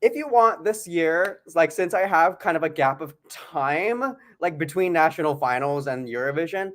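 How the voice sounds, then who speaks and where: Playful, animated man co-hosting. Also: on the high side, moderate pace. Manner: animated, playful, laughs a lot. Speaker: podcast co-host. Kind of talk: casual chat.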